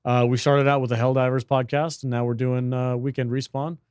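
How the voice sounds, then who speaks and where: A man's voice: medium pitch, flat delivery, fairly quick, darkish tone, clear, resonant tone, no echo, studio quality. A man co-hosting a casual gaming podcast, joking loosely and reading out viewer comments. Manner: laid-back, joking, swears freely. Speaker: podcast co-host.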